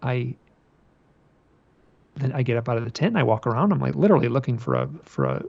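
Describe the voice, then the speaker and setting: A man being interviewed about a personal experience, telling it as an animated story, often repeating phrases and restarting his sentences. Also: mid-range voice, quick pace, creaky, no room sound, lo-fi sound. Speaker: podcast guest.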